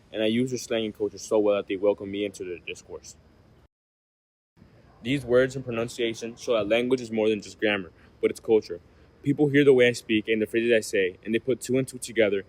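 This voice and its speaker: A young man from the United States reading a class presentation, steady, often trailing off quieter at the ends of phrases. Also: fairly low pitch, poor audio. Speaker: student presenter.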